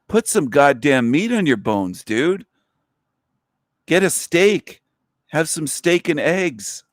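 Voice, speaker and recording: Man, livestream host, slow, mocking, rambling, dry sound. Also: a little high, sing-song, no room sound. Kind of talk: casual livestream monologue.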